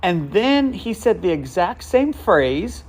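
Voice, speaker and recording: A man's voice: high-pitched, sing-song, slow. A man preaching a sermon in a conversational way, with asides, restarts and questions to the congregation. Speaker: pastor.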